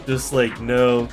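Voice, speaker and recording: A man chats casually while playing a video game, speaking slowly in a quiet, low-key way. He drops dry quips and reactions at a middling pitch. Music plays steadily under his voice. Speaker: gaming co-host. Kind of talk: casual chat.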